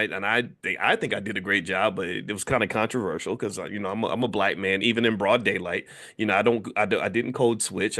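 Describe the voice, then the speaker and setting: A man's voice: on the low side, pushed and bright. Middle-aged male host, loose rambling delivery, playful when quoting others. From United States. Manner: rambling, with many fillers and restarts. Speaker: finance commentator and channel host. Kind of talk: casual commentary monologue.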